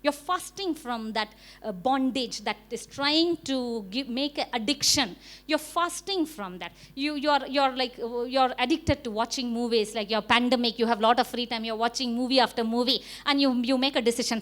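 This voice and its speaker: A woman pastor with an Indian English accent delivers a sermon, her voice high and bright. She preaches emphatically, firing rhetorical questions and pausing for "Amen". She sounds middle-aged.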